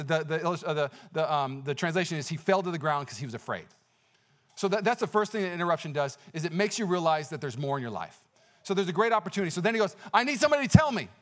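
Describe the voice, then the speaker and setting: Animated man preaching a sermon. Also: high-pitched. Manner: conversational and animated, with many fillers and restarts. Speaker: pastor.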